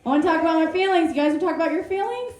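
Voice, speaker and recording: A woman's voice: very high voice, animated, rapid-fire, a little mellow. A woman hosting a comedy show from the stage, chatting with the crowd and bringing up comedians. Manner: chatty, upbeat crowd banter. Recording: echoey club room with crowd.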